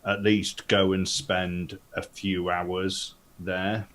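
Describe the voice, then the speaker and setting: Deep-voiced man with faint hiss behind. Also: level tone, very slow, a bit bright. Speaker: player. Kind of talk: tabletop game play.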